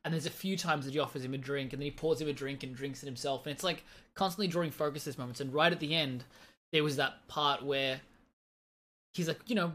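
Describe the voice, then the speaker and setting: A man's voice: mid-range voice, fairly even intonation, brisk, a bit bright. A man co-hosting a casual film discussion, making thoughtful, analytical points. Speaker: podcast co-host.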